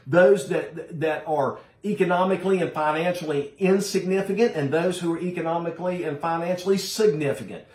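A man's voice: fairly high pitch, a little fast, few pauses, a little mellow. Emphatic male preacher, echoey room. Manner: emphatic, addresses listeners as folks. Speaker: pastor. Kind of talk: sermon.

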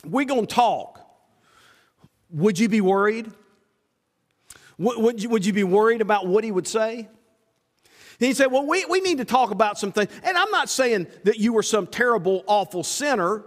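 A man's voice: high voice, expressive, moderate pace, pauses often. A man preaching a sermon as a pastor, asking rhetorical questions and repeating himself as he builds his points. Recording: long hall reverb.

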